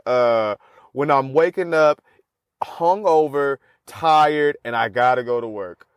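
Young man, podcast host, solo monologue, profane, rambling, self-mocking, slightly high voice, dry close mic. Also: expressive, slow pace, smooth, no echo.

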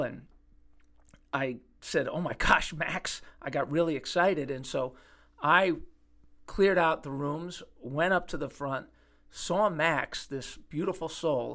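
A middle-aged man, a podcast host and chiropractor, telling a personal story in an earnest, animated way. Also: on the high side. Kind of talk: storytelling talk.

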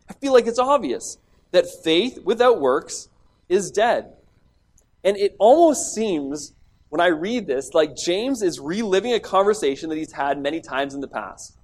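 A man's voice: high-pitched, a little mellow. A man preaching a sermon that teaches on a scripture passage. He speaks emphatically, acts out quoted speech, and often repeats words as he starts a thought.

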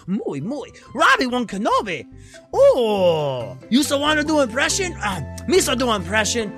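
A woman's voice: fairly high pitch, huge pitch swings, a little slow, a bit bright, soft background music, full character voice. A woman voicing a goofy, clumsy male alien creature who talks in broken baby talk and whoops and squeals. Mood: giddy.

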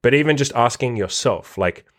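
A man's voice: mid-range voice, normal speed. A man hosting a casual podcast monologue, blunt and profane, swearing constantly as he reacts to a list. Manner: animated, reacting to a written list. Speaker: podcast host and dating coach.

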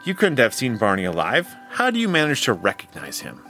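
A man's voice: medium pitch, wildly swooping pitch, brisk, bright, forceful tone, soft background music, exaggerated voice. A man voicing a sly, cruel traveling stranger who speaks in a sneering, skeptical way.

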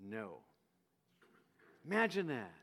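A man preaching a sermon, telling the story with animated delivery and acting out the quoted voices. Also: mid-range voice, slow pace. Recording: long reverb of a hall.

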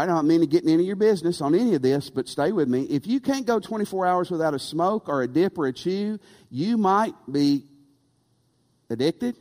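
A man preaching a sermon, animated and rhetorical, asking the congregation for amens. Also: fairly high pitch. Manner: animated, rhetorical, calls for amen. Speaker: pastor. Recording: long reverb of a church hall.

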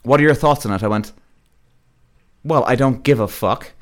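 A man's voice: mid-range voice, moderate pace. A man hosting a podcast, delivering a blunt, profane rant straight to his listeners. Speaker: podcast host. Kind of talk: ranting monologue to listeners.

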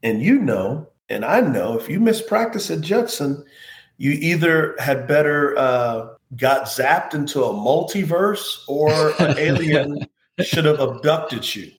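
A man's voice: fairly high pitch, animated, unhurried. A man, a former pro football player, earnestly recounting a personal story as an interview guest. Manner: earnest, heartfelt, reflective. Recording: roomy echo.

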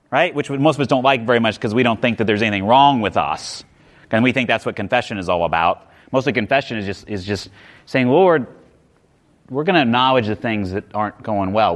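A man's voice: medium pitch, fairly bright tone. Man preaching an emphatic sermon. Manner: emphatic preaching, repeats words and restarts phrases. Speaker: pastor.

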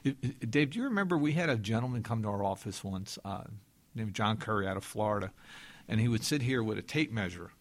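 A man in his fifties with a lowish voice hosts a financial advice talk show. He chats easily and often drifts into long anecdotes from his clients and his family. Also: animated, quick pace. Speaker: financial advisor and show co-host. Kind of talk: casual radio-show talk.

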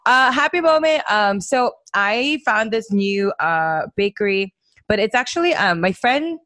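A woman's voice: medium pitch, expressive, measured pace, fairly bright tone, dry recording. A woman co-hosting a casual podcast, chatting in a rambling, giggly way with lots of fillers. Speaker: podcast co-host. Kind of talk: casual chat.

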